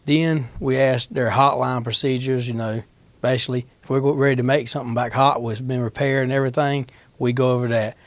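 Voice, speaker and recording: A man's voice: mid-range voice, steady tone, a little fast, no echo. A man, a utility line crew worker answering interview questions in a plain, practical, matter-of-fact way.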